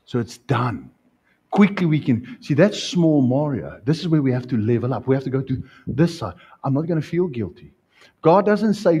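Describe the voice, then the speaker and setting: A man preaching a sermon as a pastor in a church, animated, asking the congregation questions and acting out scenes. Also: medium pitch, breathy edge, highs cut off.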